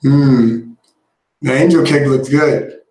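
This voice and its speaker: A man's voice: medium pitch, fairly even intonation, slow, warm tone, roomy sound, low-quality recording. A man hosting a livestream, chatting casually and meandering with lots of ums. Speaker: livestream host reacting to a video. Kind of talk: casual rambling chat.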